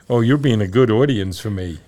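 A middle-aged father co-hosting a casual show, an animated storyteller who laughs often. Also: lowish voice. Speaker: podcast co-host and father. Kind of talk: casual chat and joke telling.

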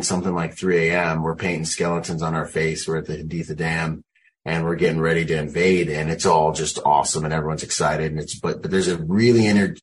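A man in his forties, a Marine combat veteran and interview guest, telling animated war stories on a video call from home and dropping "man" and "you know" throughout. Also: extremely low pitch, a little hiss or hum. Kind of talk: casual storytelling on a video call.

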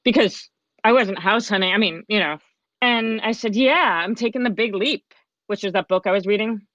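Woman, interview guest, life coach, animated storyteller, acts out quotes, dull dry recording. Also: medium pitch, moderate pace, dry recording.

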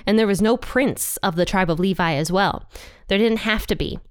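Woman doing a bible lesson, chatty, smooth clear voice, dry close sound. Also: mid-range voice, no room sound. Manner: chatty, laughs at herself, slows down to stress points. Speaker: Bible study teacher. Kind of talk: casual Bible teaching.

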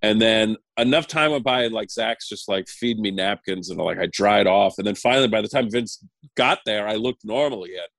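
A man guest telling a story with lots of laughter, animated and lively. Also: fairly low pitch, brisk, no room sound. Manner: laughing, lively anecdote teller. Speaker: podcast guest.

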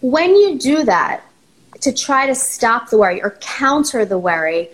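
A woman therapist, a guest on a talk show, explaining ideas in a steady teaching tone. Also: on the high side, measured pace, rough recording. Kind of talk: conversational explanation.

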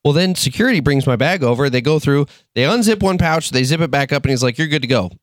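A man from Michigan co-hosting a podcast, telling stories in casual chat, animated and swearing as he acts out quotes. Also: fairly high pitch, fast, no room sound, studio quality. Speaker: podcast co-host.

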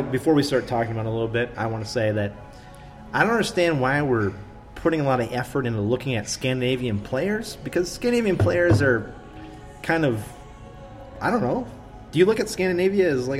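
A man's voice: mid-range voice, fairly quick. A man hosting a casual sports podcast. His voice swoops up and down as he jokes and keeps the talk moving, with faint music behind him. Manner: animated, jokey, steers the talk. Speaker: podcast host.

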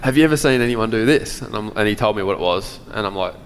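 A man's voice: lowish voice, expressive, fast, slight background noise. Man laughing through a story in a roomy hall. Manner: laughing often while recounting a story. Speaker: podcast guest, pro golfer. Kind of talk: casual storytelling.

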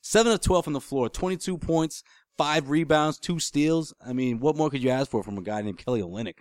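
Fast-talking hyped man, slangy sports chat. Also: on the high side, dry recording, clean studio sound. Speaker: podcast co-host.

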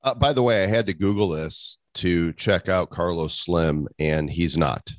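A man's voice: low-pitched, unhurried, no room sound, clean studio sound. A man co-hosting a casual crypto podcast, jokey and riffing. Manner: jokey, riffing, slips into mock voices. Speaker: podcast co-host. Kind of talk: casual chat.

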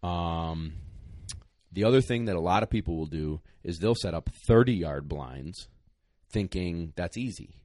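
Chatting casually on a podcast, a man with a deep, slightly mellow voice gives blunt, plain-spoken, emphatic tips on training retrievers. He's expressive, speaks a little slowly, and seems a bit winded. The sound is close and dry, with no echo or room tone.

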